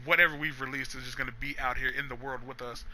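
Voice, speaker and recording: A man's voice: medium pitch, steady tone, sharp tone, slight background noise. A man voicing a bossy, foul-mouthed young woman. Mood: urgent. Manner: rushed, profane commands.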